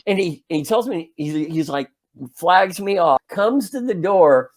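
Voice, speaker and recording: His voice sits high and runs a little slow as this forties-aged podcast co-host tells an easygoing story. He acts out each role, including moments where he yelled.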